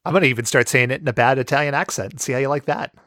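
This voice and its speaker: A man hosts a casual podcast, joking and reading listener letters aloud in an animated, jokey manner. His medium-pitched voice comes rapid-fire over a dry, studio-quality recording.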